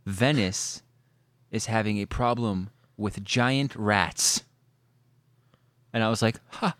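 A man's voice: lowish voice, slow, dry recording. A man co-hosting a casual chat, telling stories with laughs and the odd swear word. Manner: laughing, swearing, animated storytelling.

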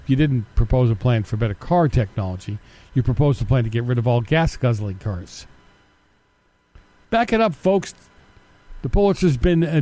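A man's voice: medium pitch, dark tone. A middle-aged man hosting a political commentary show, delivering a combative, sarcastic opinion monologue full of rhetorical questions.

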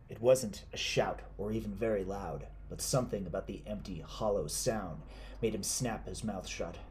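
A man with a very low, deep voice narrates a scripted horror story. His delivery is measured and deliberate, unhurried through each grim image. A faint background hiss sits under the recording. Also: a little mellow.

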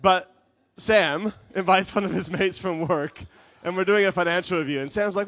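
A man preaching a sermon as a pastor, telling stories with lively acted quotes. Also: high-pitched, moderate pace, few pauses, no room sound. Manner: animated storytelling with acted quotes.

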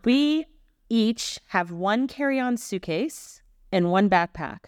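A woman's voice: mid-range voice, animated, takes it slowly, smooth, no room sound, studio quality. A woman co-hosting a missionary podcast, talking through Bible passages in a chatty, playful way with frequent laughs. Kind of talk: casual Bible-teaching chat. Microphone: podcast microphone.

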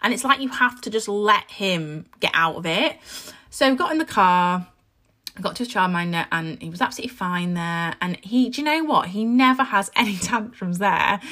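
Bright-voiced chatty woman. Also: medium pitch. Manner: chatty, candid storytelling with frequent laughs. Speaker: podcast host. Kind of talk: casual podcast monologue.

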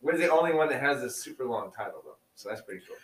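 A man's voice: medium pitch, expressive, quick pace, far from the mic, a little hiss or hum. A man co-hosting a podcast in casual chat, rambling and laughing often. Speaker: podcast co-host. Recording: roomy, a bit off-mic.

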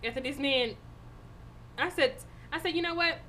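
A woman's voice: sits high, moderate pace, sharp tone, a little hiss or hum. A woman co-hosting a podcast, telling a story in a casual chat, with lots of laughter and swearing. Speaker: podcast co-host.

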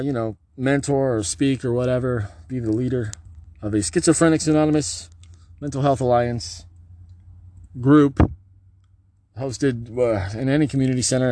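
A man giving a rambling, erratic, profane monologue, swinging between low muttering and loud outbursts. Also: no room sound.

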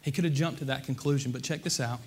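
A man preaching a sermon, animated and conversational, asking the congregation rhetorical questions. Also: medium pitch, fast talker, husky. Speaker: pastor.

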